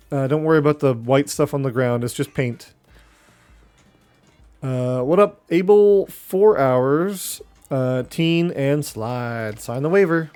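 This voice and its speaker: A man's voice: fairly high pitch, a little mellow, clean tone. A young man streaming a game live, chatting casually with his viewers and reacting as he plays. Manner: chatty, reacting and talking to chat while playing.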